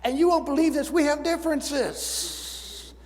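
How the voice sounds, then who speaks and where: Older male preacher, high voice, reverberant church. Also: sing-song, a little slow. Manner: folksy storytelling with dry humor. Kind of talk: sermon. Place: church sanctuary. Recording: church sanctuary with long reverb.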